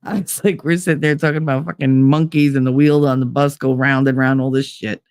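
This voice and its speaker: Lady spinning a story on her podcast, gravelly voice, dry close sound, swears a lot and laughs. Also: a bass voice, fairly even intonation, a little fast, a little mellow, dry recording. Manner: profane, laughing, acts out quoted voices. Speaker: podcast host. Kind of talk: casual storytelling.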